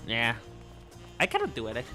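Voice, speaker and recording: A man's voice: mid-range voice, huge pitch swings, moderate pace, music in the background. A man chatting casually to his viewers while livestreaming a game, playful and teasing, often repeating and restarting his words. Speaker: VTuber streamer.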